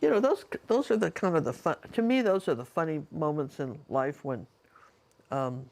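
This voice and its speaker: A woman's voice: deep voice, expressive, moderate pace, darkish tone. A woman, a painting teacher, casually telling a personal story in a chatty, rambling way with lots of asides.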